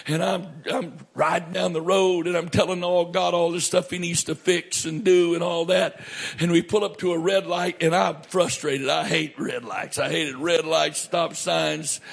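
A middle-aged male pastor preaching a sermon, animated, swinging from loud to hushed. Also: fairly high pitch, normal speed, gravelly, slightly rough.

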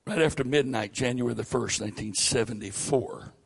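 An older man with a Southern accent preaching a sermon, rising loud and high on key phrases. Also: brisk, vocal fry, husky. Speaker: pastor.

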